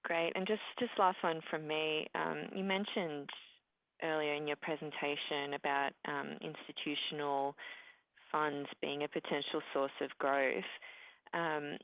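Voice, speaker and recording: A woman's voice: deep voice, little pitch movement, unhurried. A woman analyst asking polite questions on an earnings call, with frequent ums. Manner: polite, filler-laden questioning. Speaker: analyst caller. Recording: dry lo-fi audio.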